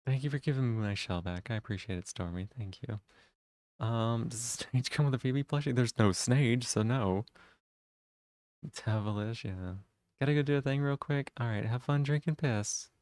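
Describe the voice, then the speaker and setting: A man's voice: medium pitch, moderate pace, darkish tone, no echo, clean studio sound. A man live-streaming, chatting casually with viewers in a teasing way and swearing freely.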